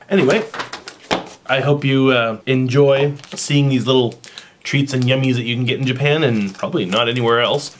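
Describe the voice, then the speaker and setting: Man, casual vlogger, rambling food chat, camera mic, indoors. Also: mid-range voice. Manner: chatty, rambling, eats on camera. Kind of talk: casual food-tasting vlog.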